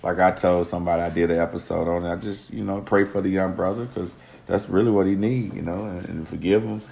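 A man's voice: low-pitched, steady tone, fast talker, gravelly, darkish tone. A man hosting a casual panel chat with teenagers, laid-back and laughing easily. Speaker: host. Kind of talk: casual panel talk show.

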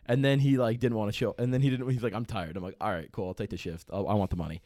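A man's voice: lowish voice, very fast, mellow, no room sound, clean studio sound. A young man casually telling a rambling, profanity-laden story as a podcast co-host, with many restarts. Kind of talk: casual chat.

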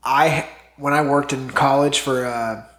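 A man's voice: mid-range voice, unhurried. A man co-hosting a casual podcast, telling stories with lots of swearing and acting out what other people said. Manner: animated storyteller, swears, acts out other people. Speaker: podcast co-host. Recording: echoey room.

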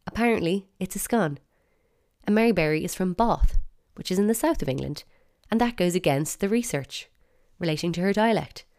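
Low-voiced chatty Irish woman podcaster. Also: lively intonation, a little fast, darkish tone. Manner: chatty, opinionated, playfully emphatic. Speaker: podcast host. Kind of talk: solo podcast monologue.

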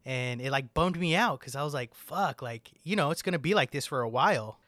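A man's voice: medium pitch, lively intonation, a little fast, sharp tone, no echo. A man in casual chat with a friend, rambling, swearing often and filling his talk with "like". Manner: rambling, swears a lot, fills with "like".

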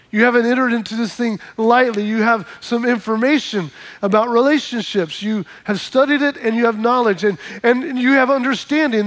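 A man delivers a sermon in a strikingly high voice. He tells a story and plays out both sides of a conversation, then leads the congregation in repeating key words. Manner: animated storyteller, acts out dialogue, calls for congregation responses. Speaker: pastor.

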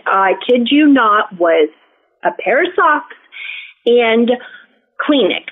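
A woman telling a story as a podcast guest in casual chat, halting, with lots of fillers and restarts. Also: on the high side, expressive. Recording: tinny phone-like line.

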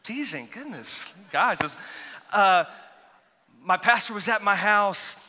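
Bright-voiced pastor in a reverberant hall. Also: male voice, high-pitched, slow. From grew up near Seminole. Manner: animated, chatty, self-teasing with many restarts. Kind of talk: sermon storytelling. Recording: long reverb of a large hall.

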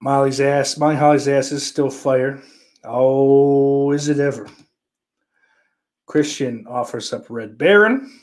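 A man's voice: medium pitch, slow, darkish tone. A man hosting a casual live stream, reading viewer comments and answering them in a crude, sarcastic, rambling way with lots of swearing. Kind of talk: casual profane chat.

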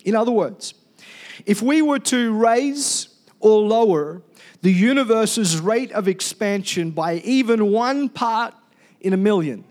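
Aussie pastor guy preaching, pretty high voice, lively, gets the crowd to answer back. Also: takes it slowly. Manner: animated, calls for congregation responses. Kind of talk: sermon.

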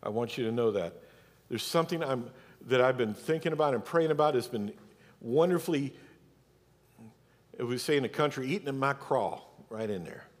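A man's voice: mid-range voice, lively intonation, normal speed. A man preaching a Sunday sermon as pastor, emphatic and speaking directly to his congregation in a church. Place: church sanctuary. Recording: long church hall reverb.

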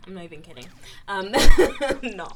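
A woman's voice: a little slow, very noisy. A woman, chatting casually as a podcast co-host and acting out what people said. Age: 20s. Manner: animated, acts out quotes with big pitch swings. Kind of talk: casual chat.

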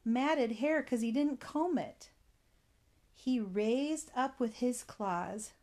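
A woman telling a children's story, expressive and adding spoken sound effects. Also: a little high, slow pace.

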